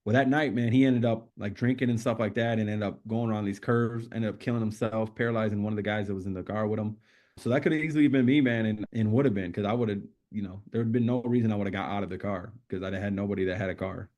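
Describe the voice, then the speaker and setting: Telling animated stories on a podcast, this middle-aged guest curses liberally and imitates the people in his anecdotes during a casual interview. He talks quickly in a lowish voice.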